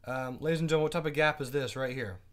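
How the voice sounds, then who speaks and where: A man teaching a live day trading class, chatting casually, asking his viewers quick questions and reading out their comments. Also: mid-range voice, fairly even intonation. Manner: asks quick questions to the audience.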